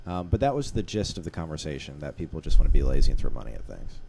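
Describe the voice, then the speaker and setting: A man's voice: extremely low pitch, very animated, fast talker, gravelly, dark tone, a little hiss or hum. A man co-hosting a casual discussion podcast, rambling with many restarts and fillers. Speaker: podcast co-host.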